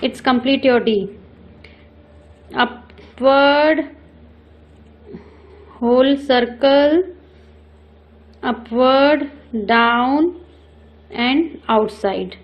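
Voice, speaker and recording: A woman teaching children cursive handwriting, giving slow step-by-step instructions and repeating each stroke. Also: high-pitched, highs cut off. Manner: switches between English and Hindi.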